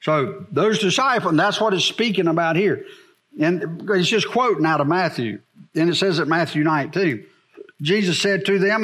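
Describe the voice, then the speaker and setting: A man with a high-pitched voice delivers a sermon as a pastor. He preaches emphatically, with urgent warnings and rhetorical questions thrown to the congregation. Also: moderate pace, fairly bright tone.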